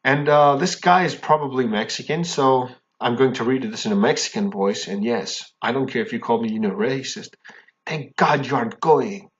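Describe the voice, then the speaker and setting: A man at a middling pitch delivers a heated, indignant rant straight to camera. He repeats himself and restarts when worked up, and keeps tagging his points with a pointed "okay?". The sound is dull and lo-fi, like a cheap home mic. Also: normal speed, hardly any pauses. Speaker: fan commentary vlogger. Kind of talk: angry ranting monologue.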